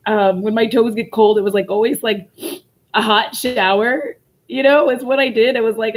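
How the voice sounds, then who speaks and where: A woman's voice: a little high, moderate pace. Woman livestreamer, tearful but laughing, loose and profane, casual chat. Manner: emotional, laughing through tears, swearing freely. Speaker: vlogger.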